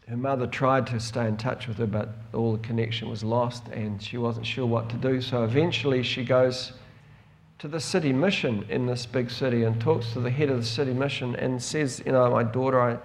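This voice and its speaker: A man's voice: mid-range voice, steady tone, moderate pace. Older male preacher, storytelling sermon, voice lifts with emotion. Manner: storytelling, rising with emotion in quoted dialogue.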